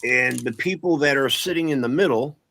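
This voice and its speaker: A man's voice: medium pitch, brisk, creaky, fairly bright tone. A man in casual political chat, blunt and sarcastic, swearing freely.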